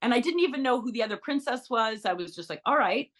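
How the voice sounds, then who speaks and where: A middle-aged woman, an actress being interviewed, telling anecdotes in a chatty, animated way, often restarting her sentences and adding asides. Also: fairly high pitch, quick pace. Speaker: actress guest.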